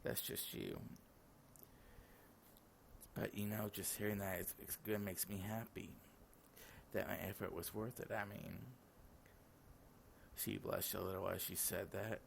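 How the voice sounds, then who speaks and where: A man's voice: lowish voice, level tone, unhurried, gravelly, long pauses, a little hiss or hum. A sleepy young man reading all the lines of a visual novel aloud in his own voice, with casual asides. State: sleepy, yawning. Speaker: gaming channel host.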